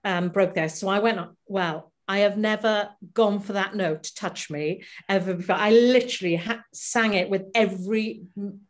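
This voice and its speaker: Woman telling animated stories. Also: mid-range voice, moderate pace, few pauses. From Wales. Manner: animated, laughing anecdotes with acted-out quotes. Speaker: guest performer. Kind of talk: casual interview storytelling.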